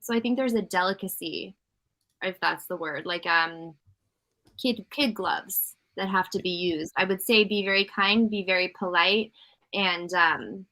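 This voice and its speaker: Bright-voiced woman on a video call. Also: fairly low pitch, a little slow. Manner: thoughtful, mimics others in quotes. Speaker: co-host. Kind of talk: casual live-stream chat. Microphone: computer's built-in microphone.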